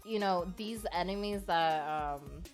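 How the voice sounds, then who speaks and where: A woman's voice: fairly low pitch, slow pace, faint music behind. A woman co-hosting a casual podcast chat, rambling with many fillers and laughing often. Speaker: podcast co-host.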